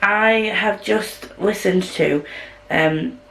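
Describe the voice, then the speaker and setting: A woman's voice: fairly low pitch, very slow, fairly bright tone, poor audio. A woman from the north of England with a Yorkshire accent, chatting casually to camera at home in a rambling, self-deprecating way. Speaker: vlogger. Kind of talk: casual chat.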